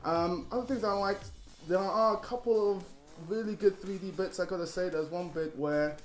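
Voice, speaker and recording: A young man giving an animated, rambling film review, often laughing. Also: high-pitched, normal speed, roomy sound, soft background music. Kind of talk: casual film review chat.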